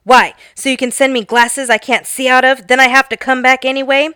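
A woman voicing a rude, furious man in his late eighties who yells and curses. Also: sits high, flat delivery, fairly quick, clear, resonant tone, dry recording, clean studio sound. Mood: furious yelling. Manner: yelling, cursing.

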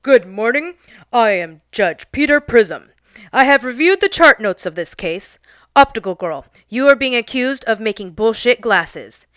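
A woman voicing a stern judge who delivers formal, measured rulings. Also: fairly high pitch, animated, a bit bright, no room sound, clean studio sound. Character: stern no-nonsense courtroom judge.

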